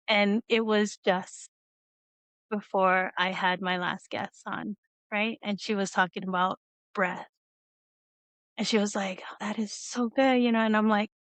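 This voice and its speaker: The host of a video-call interview, a woman of medium pitch, shares a lengthy personal story in a tearful, meandering way, breaking into frequent laughter. There's no room sound in this emotional, conversational telling.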